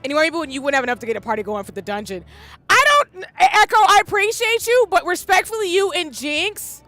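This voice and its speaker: A woman's voice: very high voice, very animated, fast talker, bright, forceful tone, dry recording, soft background music. A woman in her thirties streaming a game live, tearful, emotional and goofy as she talks through it. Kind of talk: live gameplay commentary.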